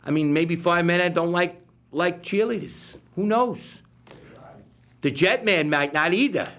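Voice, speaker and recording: A man with a New York accent hosting a live local-TV football picks show, rambling and jokey with sudden bursts of excitement. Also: high-pitched, a little slow. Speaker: TV host. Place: community TV studio.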